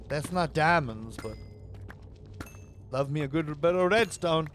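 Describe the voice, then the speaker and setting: A man streaming a game, chatting casually and playfully with his viewers, sometimes bursting into loud, excited hype. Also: fairly high pitch, a little slow, long pauses, noisy background. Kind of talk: casual live-stream chat.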